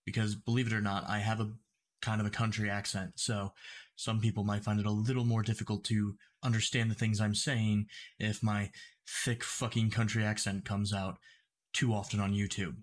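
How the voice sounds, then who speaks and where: A man making commentary videos who speaks deliberately clearly and explains his points step by step. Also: fairly low pitch, flat delivery. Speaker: YouTube commentator.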